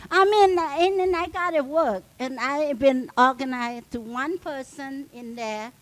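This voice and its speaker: A woman's voice: sits high, measured pace, no echo, rough recording. A middle-aged woman, a union member on a panel, telling a story at a live event and acting out the dialogue. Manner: animated, acts out quoted dialogue.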